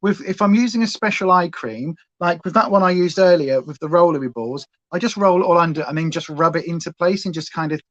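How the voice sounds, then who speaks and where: A woman's voice: on the low side, brisk, few pauses, no room sound, lo-fi sound. A woman hosting a casual makeup livestream from home, chatting and going off on tangents. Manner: chatty, rambling, goes off on tangents. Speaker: beauty livestream host.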